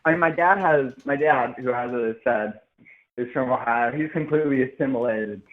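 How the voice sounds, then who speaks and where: A young man from Seattle talks on a call-in show over a thin, tinny phone line. His voice sits at an ordinary middle pitch. He chats earnestly, with a slightly formal touch. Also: normal speed. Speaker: caller. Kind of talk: casual chat.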